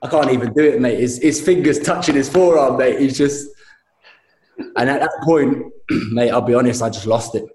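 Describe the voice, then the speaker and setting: A man's voice: mid-range voice, moderate pace, reverberant. A young man telling a story animatedly in a casual chat, with frequent restarts and slang. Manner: animated storytelling, says mate a lot.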